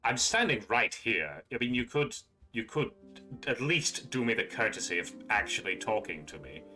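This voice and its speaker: A man's voice: fairly low pitch, animated, moderate pace, pushed and bright, soft background music. A man streaming a game and commentating casually, sarcastic and jokey as he talks back to the characters. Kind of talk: casual commentary over gameplay.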